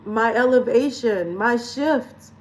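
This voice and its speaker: A woman's voice: on the high side, slow, darkish tone, distant mic, rough recording. A woman lifestyle coach talking candidly in a confessional vlog, emotional and earnest, laughing between phrases and repeating lines for emphasis.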